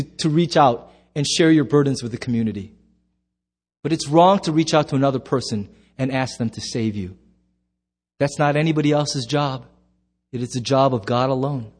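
A male pastor with a fairly high voice preaches in church, telling stories in animated voices punctuated by sudden shouts.

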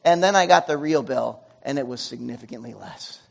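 A man preaching a sermon to a congregation, animated, with loud emotional peaks and quiet asides. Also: medium pitch, a little fast, vocal fry. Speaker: pastor. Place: church sanctuary before a congregation.

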